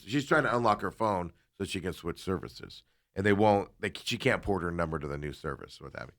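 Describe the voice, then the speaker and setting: A man's voice: sits low, normal speed. Man telling a story animatedly. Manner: animated, acts out quoted people while telling a story. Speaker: co-host. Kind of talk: casual storytelling on a talk show.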